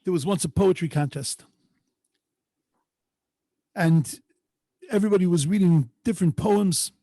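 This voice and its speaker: A man, a rabbi, teaching a Torah class over a video call in an earnest, drawn-out way, sprinkled with Hebrew and Yiddish terms. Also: sits high, creaky, warm tone, dry recording. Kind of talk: storytelling Torah lesson. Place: home online video call. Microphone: video call microphone.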